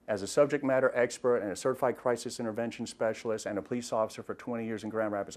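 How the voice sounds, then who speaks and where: A man's voice: mid-range voice, darkish tone. A middle-aged man, a former police officer, explaining de-escalation in a reflective commentary, often restarting and repeating words as he works through a point.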